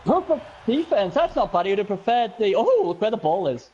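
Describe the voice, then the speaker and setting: Male co-commentator for a game match, high voice, excitable, laughs a lot, repeats himself. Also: brisk, dull audio, a loud crowd.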